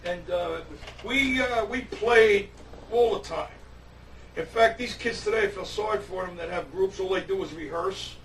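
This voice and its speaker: A man's voice: sits high, moderate pace, a bit bright, slight background noise. An older man telling stories about his days as a drummer, with many fillers and restarts. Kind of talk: casual storytelling. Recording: echoey room, distant mic, faint ambience.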